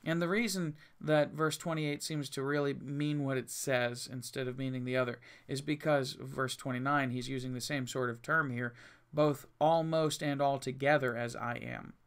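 A man's voice: medium pitch, fairly even intonation, normal speed, a bit bright, smooth. A male pastor reading Bible verses aloud and explaining them in plain words, earnest and emphatic, often restarting his sentences. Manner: reads scripture aloud, then explains it plainly with frequent restarts.

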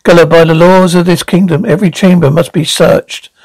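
A man voicing a courtly, old-fashioned male traveller who speaks in formal archaic phrases, sometimes halting. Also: sits high, steady tone, gravelly, a little mellow, no echo, poor audio.

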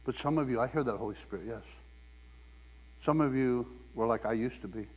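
The recording, full of long hall reverb and mains hum, captures a guest preacher giving a sermon in a church sanctuary. His medium-pitched voice is brisk as he animatedly tells humorous stories, voicing the characters' quotes loudly.

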